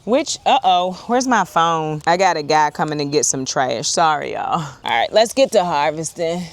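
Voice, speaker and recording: A woman talks through an outdoor garden harvest in a casual vlog. Her voice sits a touch low for a woman. She is chatty and excitable, calling out to her viewers as she goes, and she is recorded on a small clip-on mic. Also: normal speed, dry recording. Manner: chatty and excitable, often addresses viewers as y'all. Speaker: urban homesteader, channel host. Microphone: wireless clip-on mic.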